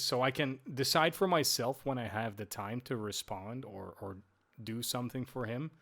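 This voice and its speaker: A man's voice: medium pitch, normal speed, a bit bright. A profane, ranting man. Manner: ranting, profane, restarts sentences. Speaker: podcast co-host. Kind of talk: casual chat. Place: lives in Amsterdam.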